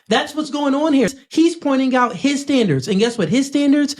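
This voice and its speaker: Brief: high, animated male debater, emphatic and argumentative. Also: normal speed, hardly any pauses.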